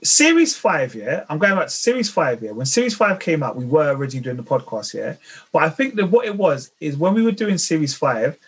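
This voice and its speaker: A man's voice: fairly high pitch, sing-song, brisk, slightly rough. A man, a podcast co-host, insistently talking over others in casual chat.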